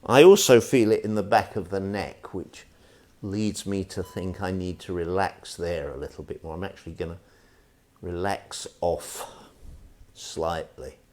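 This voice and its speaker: A man leading an online tai chi stretching class, calm and gentle with wry asides. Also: deep voice, unhurried. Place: indoors at home, live stream.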